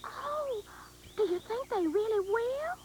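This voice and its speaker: Little Bo Peep, as a woman voices her, is a sweet, shy little shepherd girl on a children's TV show. Her voice is very high and breathless, and she talks politely through her tears. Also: animated, slow, darkish tone, a little hiss or hum, heavily acted. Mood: worried.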